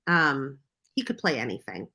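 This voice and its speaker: A woman's voice: very deep voice, big pitch swings, normal speed, creaky, bright, forceful tone, slightly rough. An American woman and film publicist, chatting casually and enthusiastically about movies on a podcast. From United States. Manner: chatty, enthusiastic, lots of fillers.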